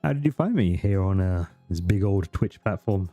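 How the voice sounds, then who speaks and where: A man's voice: low voice, lively intonation, moderate pace, warm tone, dry recording, highs cut off, soft background music. A man streaming a game, chatting playfully with viewers and reading the story aloud. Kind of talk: live-streamed game narration.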